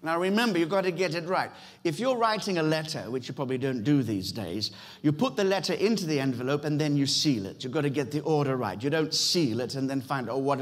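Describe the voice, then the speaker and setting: This sermon comes from a middle-aged British man, a pastor whose voice is on the high side. His preaching is forceful, full of repeated phrases and aimed squarely at the people in the pews.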